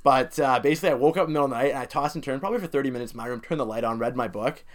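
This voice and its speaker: A young man in casual podcast chat, telling a story in an animated, chatty way with lots of filler words. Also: mid-range voice, racing. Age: young adult.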